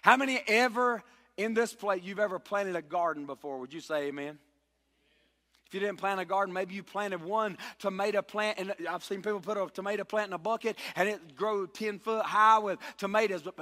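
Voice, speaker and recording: A man preaching a sermon as pastor, impassioned, swinging from shouts to low tones and calling for amens. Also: fairly quick. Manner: impassioned, rises to shouts and drops low, calls for amen. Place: church sanctuary. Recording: long hall reverb.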